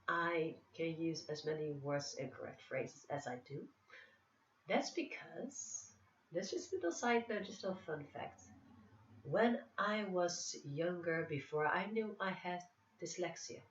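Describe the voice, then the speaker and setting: Chatty woman in a roomy echo. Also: low voice. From Netherlands. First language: Dutch. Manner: chatty, self-mocking. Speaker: vlogger. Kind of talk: casual chat. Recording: roomy, distant, dull sound.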